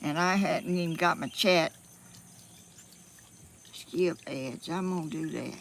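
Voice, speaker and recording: Low and slow with vocal fry, this Georgia woman's voice still has a fairly bright tone, and there's slight background noise. She's a vlogger on a phone livestream outside, slightly winded, chatting in a rambling, folksy manner and laughing often between fillers.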